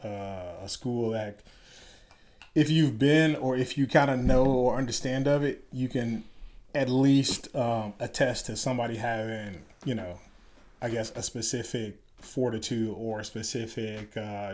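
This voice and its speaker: A man of middling pitch talks through his army years in an easygoing, rambling manner. He fills the pauses with ums and you-knows and drifts from point to point. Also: slight background noise. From Chicago. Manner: relaxed, many fillers, acts out quoted dialogue. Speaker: interview guest, former Army officer. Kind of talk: casual storytelling.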